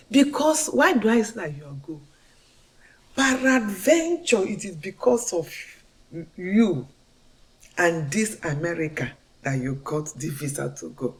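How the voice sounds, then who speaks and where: A woman's voice: lowish voice, very animated, measured pace. A middle-aged Nigerian woman telling her life story as a fervent faith testimony, repeating phrases with emphatic swings. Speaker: storyteller sharing a personal testimony.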